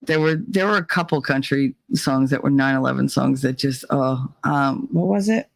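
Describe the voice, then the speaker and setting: A woman's voice: a bass voice, normal speed, vocal fry, no echo. A woman hosting a casual livestream, chatting and reading viewer comments aloud, laughing often. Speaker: livestream host.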